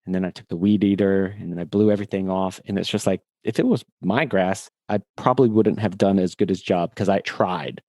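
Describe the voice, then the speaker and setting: A man in his forties, a podcast guest, telling a personal story in a candid, animated way and laughing at himself. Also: low-pitched, brisk, few pauses, no echo.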